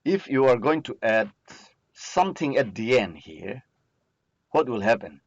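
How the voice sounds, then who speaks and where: A man's voice: medium pitch, big pitch swings, no echo. A man teaching a recorded lesson, patiently asking questions and answering them himself. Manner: slow, patient, asks and answers own questions. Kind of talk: recorded lecture. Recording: dry, muffled lo-fi voice recording.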